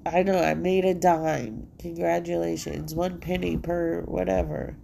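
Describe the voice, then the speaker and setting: A woman's voice: lowish voice, fairly even intonation, unhurried, vocal fry, warm tone. A woman talking alone into her podcast mic at home, her speech loose, swearing and rambling, stuffed up from a blocked nose. Faint ambient noise hangs underneath. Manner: profane, rambling, heavy filler "like". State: congested nose. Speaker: solo podcast host. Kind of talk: casual rambling monologue.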